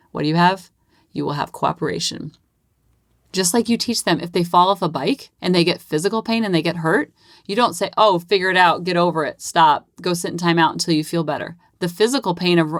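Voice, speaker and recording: Chatty upbeat mom podcaster, dry close mic. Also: female voice, lowish voice, no room sound. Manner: chatty, upbeat, acts out kids' voices. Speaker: parenting podcast host. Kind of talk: casual solo podcast talk.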